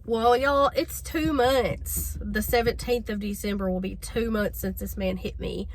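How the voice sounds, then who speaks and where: A woman's voice: mid-range voice, steady tone, unhurried, a little hiss or hum. A woman telling a story to her viewers in a chatty, exasperated way. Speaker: vlogger. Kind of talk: casual storytelling to camera.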